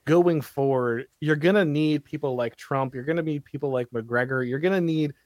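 A male host in a casual chat, reading out viewer questions with lively energy. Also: a little high, normal speed, no room sound, clean studio sound.

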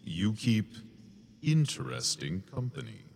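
An actor playing a smug fae ruler in an audio drama, mocking and amused by others' anger. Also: male voice, huge pitch swings, slow pace, darkish tone, big-room sound, slight background noise, exaggerated voice. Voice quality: deep, gravelly. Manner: mocking, relishes others' anger, laughs often.

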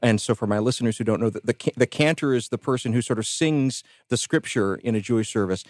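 A man hosting a radio interview show, speaking in a measured, clearly enunciated way into a studio microphone. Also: medium pitch, no echo.

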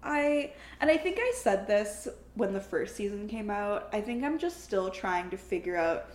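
A woman's voice: mid-range voice, normal speed. A young woman co-hosting a podcast, talking casually about TV shows and peppering her sentences with "like". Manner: chatty, frequent "like" fillers, animated laughter. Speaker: podcast co-host. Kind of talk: casual chat. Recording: roomy echo.

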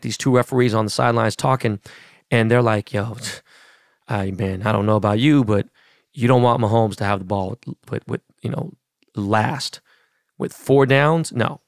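A man's voice: medium pitch, gravelly, dry recording, studio quality. A middle-aged man hosting a podcast, ranting profanely and animatedly about football, acting out what players said. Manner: profane, animated, acts out quotes. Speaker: podcast host. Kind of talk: casual sports talk.

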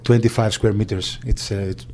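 Soft-toned man recalling. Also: fairly low pitch, steady tone, a little hiss or hum. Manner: halting, searching for words. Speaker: agent. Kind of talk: interview recollection.

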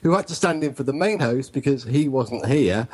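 A man hosting a live internet radio chat show, his voice slightly husky and breathy at mid pitch. He jokes with his co-host and rambles, often restarting his sentences. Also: animated, normal speed, poor audio.

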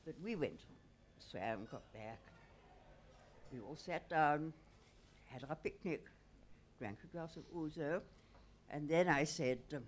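A woman's voice: sits low, lively intonation, takes it slowly, long pauses, a little hiss or hum. A woman telling a personal anecdote at a live salon, wry, understated and self-mocking. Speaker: storyteller guest.

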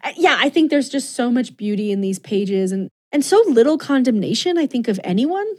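A woman's voice: fairly high pitch, animated, brisk, a little mellow. Gushing young woman in casual chat. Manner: gushing, emotional, laughs often.

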